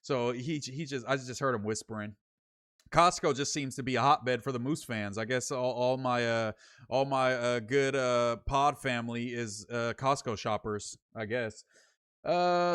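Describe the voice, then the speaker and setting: A man's voice: mid-range voice, unhurried, a bit bright, smooth. Slangy young man rambling on stream. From Sacramento, California. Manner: rambling, slangy storytelling with many fillers. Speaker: streamer hosting a late show. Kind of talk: casual livestream chat, reading viewer comments.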